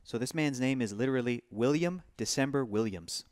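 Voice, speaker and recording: A man's voice: mid-range voice, animated, fairly quick, darkish tone, dry recording, clean studio sound. A man co-hosting a casual podcast, tossing in joking, crude asides. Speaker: podcast co-host. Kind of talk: casual chat.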